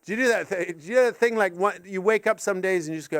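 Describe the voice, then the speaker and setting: An older man performing a rambling, absurd stand-up comedy set at a live gig in a gallery, sweary and swinging from muttering asides to shouted rants. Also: sits high, expressive, fast, hardly any pauses, smooth, dry recording.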